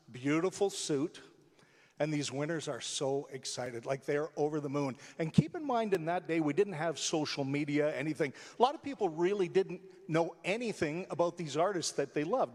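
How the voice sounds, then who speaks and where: A middle-aged or older man, a radio personality, telling emotional stories with animated energy on stage to a live audience. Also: on the high side. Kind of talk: storytelling speech to a live audience. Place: theatre stage. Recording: reverberant hall.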